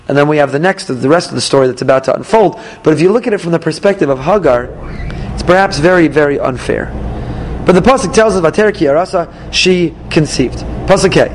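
A man teaching a Torah lesson, reading the verses and explaining them, acting out the dialogue with lively emphasis. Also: a little high, a little hiss or hum, poor audio. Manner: animated, acts out dialogue from the text with rising emphasis. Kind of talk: Bible study class.

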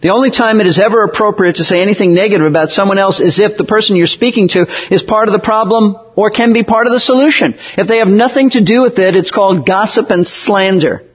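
Male pastor, earnest measured sermon delivery; raspy tenor, dull recording. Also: high voice. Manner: earnest, measured preaching with emphatic slowdowns.

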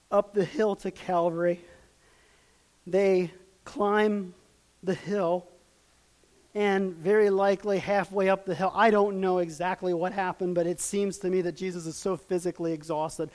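A man preaching a sermon, moving between loud, emphatic peaks and hushed, quiet passages, acting out lines and asking questions. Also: high voice, fairly even intonation, measured pace. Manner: dramatic, acts out quoted lines and asks the audience questions.

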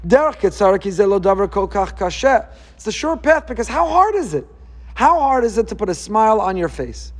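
A man, a rabbi, giving an emphatic and animated Torah lecture. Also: sits high, quick pace. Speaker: rabbi teaching a class.

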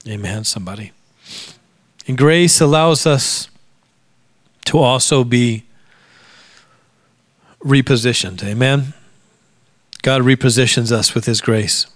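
A man's voice: mid-range voice, fairly even intonation, slow pace, pauses often, no echo, clean studio sound. A middle-aged man preaching a sermon, telling a personal testimony and growing emotional, sometimes dropping to a near-whisper. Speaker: pastor.

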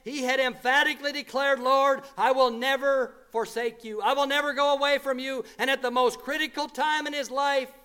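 Earnest high-voiced male preacher. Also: fairly even intonation, normal speed, hardly any pauses, bright, forceful tone. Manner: earnest, emphatic, repeats key lines. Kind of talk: sermon.

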